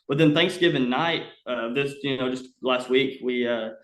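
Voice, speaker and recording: A man's voice: mid-range voice, moderate pace. Young man telling a story. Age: young adult. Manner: rambling, animated, many "uh" fillers. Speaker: podcast guest. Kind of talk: casual storytelling. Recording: roomy echo.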